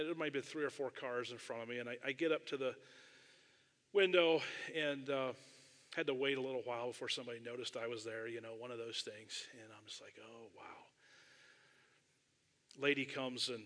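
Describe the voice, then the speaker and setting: A middle-aged male pastor, medium-pitched with a bright, clear edge to his voice, preaches in a relaxed storytelling style. He laughs at himself and drops in conversational asides, while the long reverb of a large church sanctuary rings around him.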